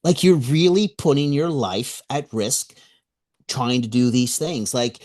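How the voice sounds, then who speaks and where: A man speaking as a guest on a radio interview, telling his story. His mid-pitched voice swings widely up and down, and he acts out the voices of the people he quotes. He chuckles now and then between his remarks. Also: animated, unhurried, a little mellow. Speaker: author and guest.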